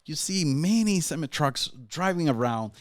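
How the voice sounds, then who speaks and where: A man's voice: fairly high pitch, animated, normal speed, no room sound, clean studio sound. A man with a Dominican Spanish accent, a Spanish speaker, talking politics as a guest in a casual chat in a fervent, urging way. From Dominican Republic. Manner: fervent, urging, tags lines with "right?".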